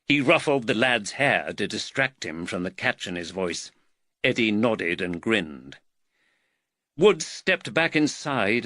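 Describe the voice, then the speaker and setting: A man narrating an audiobook in an expressive, measured storytelling manner. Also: on the low side, no echo. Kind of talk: scripted narration.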